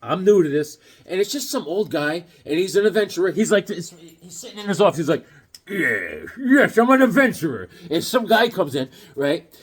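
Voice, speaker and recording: A man chatting casually about his comic book haul, animated and jokey, slipping into silly voices. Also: high-pitched, a little fast, husky. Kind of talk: casual chat.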